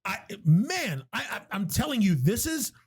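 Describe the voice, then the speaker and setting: A man on a podcast, animated and quick to laugh as he tells a story, with casual swearing throughout. His voice sits high and swings widely in pitch. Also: slightly rough. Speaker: podcast co-host. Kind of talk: casual chat.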